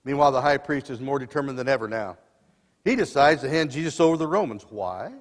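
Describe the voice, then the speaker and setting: A man in his sixties preaching a sermon as dramatic storytelling, swinging between loud and soft passages, in a church sanctuary. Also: mid-range voice, animated, fast. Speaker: lay preacher. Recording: long church reverb.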